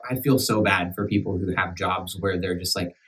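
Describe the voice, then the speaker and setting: A man with a country accent talks casually on a church podcast. His voice sits very low, and he circles back over his words with fillers and restarts. He is recorded at a slight distance from the mic. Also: steady tone, fairly bright tone. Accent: rural American country. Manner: halting, many restarts and fillers, earnest. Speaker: minister back from sabbatical.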